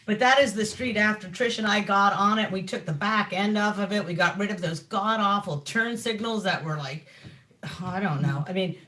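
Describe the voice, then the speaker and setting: A woman guest on a talk show chatting casually about her bikes, animated and swearing freely, laughing often. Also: mid-range voice, moderate pace. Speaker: guest, map company founder. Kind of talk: casual chat.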